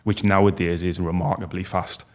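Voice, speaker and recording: A man, telling a personal story as a podcast guest in a halting, heartfelt way with many restarts. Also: low-pitched, level tone. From North East England. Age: 40s.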